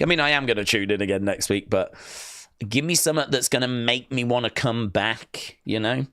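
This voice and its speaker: Male streamer, mid-pitched, dry close mic, rambling and reading out chat. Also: a little fast, sharp tone, dry recording. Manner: chatty, reads viewer comments aloud. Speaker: live stream host. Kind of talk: casual watch-along chat.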